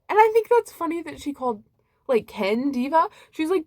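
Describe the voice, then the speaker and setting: Young woman gushing and giggling, lots of "like", kinda high voice, super dry close mic. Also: big pitch swings, normal speed, dry recording. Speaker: vlogger reviewing movies. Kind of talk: casual chat.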